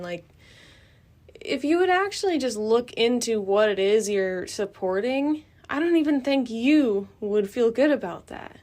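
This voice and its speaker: A woman's voice: on the high side, expressive, a little slow, a little mellow. A young adult woman hosting a podcast, talking in a blunt, passionate, rambling way with many fillers, recorded outdoors. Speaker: podcast host. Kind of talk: casual monologue. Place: outdoors near a building.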